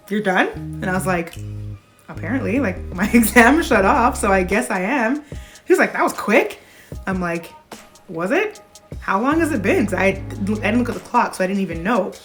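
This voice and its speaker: A young woman in her twenties, a pediatric nurse, telling a personal story to camera in a casual, animated way with bursts of laughter. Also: mid-range voice.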